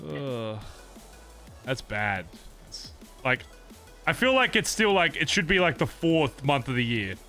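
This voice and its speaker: Male streamer, casual rambling chat, swears a lot, bright forceful voice, faint music behind. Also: medium pitch, big pitch swings, a little slow. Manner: rambling, frequent swearing and fillers.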